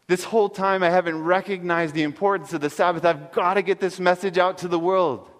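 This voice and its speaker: A man's voice: high voice, fairly even intonation, fairly quick, pitched above the performer's own voice, natural voice. A man playing a resolute old sea captain. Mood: determined. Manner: earnest, resolute. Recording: long hall reverb.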